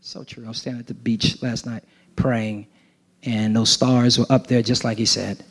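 A man's voice: mid-range voice, level tone, normal speed. A male pastor preaching a sermon, emphatic and informal, with slangy asides and call-and-response checks on his listeners.

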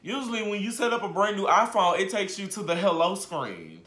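Animated man telling a story in a roomy room. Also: sits high, a little fast. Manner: animated storytelling, swings from muttered asides to shouted outbursts; casual slangy speech. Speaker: vlogger. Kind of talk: storytime vlog. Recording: roomy echo.

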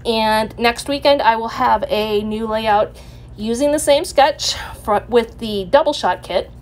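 A woman hosting her own scrapbooking channel, talking through her layout in a relaxed, explanatory way with frequent ums. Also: on the high side, a little slow. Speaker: scrapbooking video host. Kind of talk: casual craft tutorial narration.

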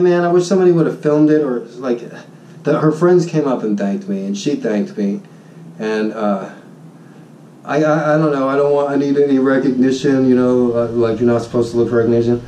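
A man, a high school Spanish teacher, telling a story in a jokey, boastful vlog and acting out his own shouts. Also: moderate pace, roomy sound, recorded from a distance, a little hiss or hum, rough recording. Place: Honolulu.

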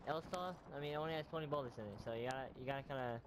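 A man's voice: mid-range voice, very fast. A man playing as a teammate, joking and teasing in casual banter. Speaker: gaming teammate. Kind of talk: casual gaming chat. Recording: noisy game audio background.

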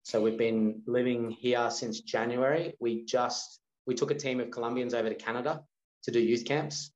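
Here a thirtysomething Australian man with a mid-range voice and moderate pace shares a personal anecdote as an interview guest in a casual setting. He's an animated storyteller, voicing the people he quotes. The audio has a roomy, slightly dull quality.

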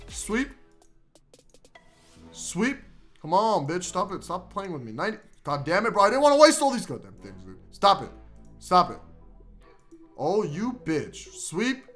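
Young guy swearing at his game, high voice all over the place, lil music behind. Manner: cursing, yelling at game characters; swings between grumbling and loud outbursts. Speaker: mobile game player. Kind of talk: profane gameplay commentary.

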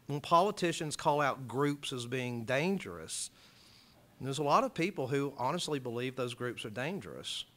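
Male college lecturer from Alabama, impassioned public talk, bright, forceful voice. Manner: impassioned, rising loud and high when reading quotes.

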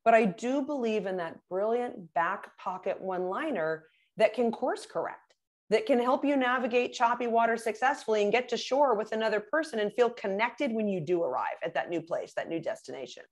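A middle-aged woman speaking as a guest in an interview, telling stories and acting out the voices of the people in them. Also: brisk. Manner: lively, acts out quoted voices with big pitch jumps. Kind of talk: animated storytelling in an interview.

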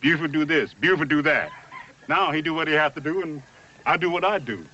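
An actor playing a farmhand named Buford who speaks in plain folksy grammar. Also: male voice, fairly high pitch, brisk, bright, forceful tone. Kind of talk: film dialogue. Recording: distant dull film sound with barnyard noise.

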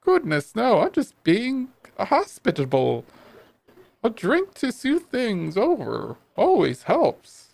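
A man voicing a timid male shopkeeper in a video game, high and jittery, begging and fussing. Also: wildly swooping pitch, slow pace, gravelly, darkish tone, no echo, exaggerated voice. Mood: nervous. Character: timid nervous male shopkeeper, pleading and fussy.

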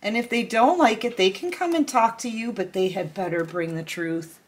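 A woman's voice: medium pitch, normal speed. A woman giving a casual tarot reading to camera, chatty and emphatic, repeating herself and talking straight to the viewer. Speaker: tarot reader.

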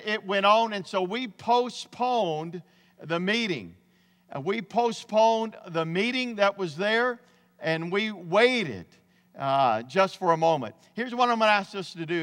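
Pastor, male, high voice, folksy and emphatic, recorded in a church with a long hall reverb. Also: a bit bright. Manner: folksy, emphatic preaching, often says "man". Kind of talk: sermon. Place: church sanctuary.

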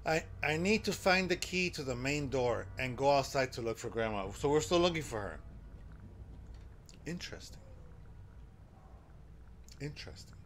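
A man giving live commentary while playing a horror game, excitable and exclaiming and swearing at the scares. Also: mid-range voice, moderate pace, long pauses, slight background noise. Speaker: game streamer.

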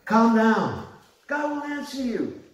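Middle-aged pastor guy, high voice, chatty sermon, echoey hall from across the room. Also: wildly swooping pitch, slow pace, lo-fi sound. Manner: conversational, storytelling with laughter. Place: church hall. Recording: echoey church hall, mic at a distance.

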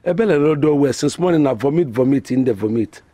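An actor with a Nigerian accent playing an excitable, scheming middle-aged village father, theatrical and full of exclamations. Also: medium pitch, fast, natural voice. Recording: film dialogue.

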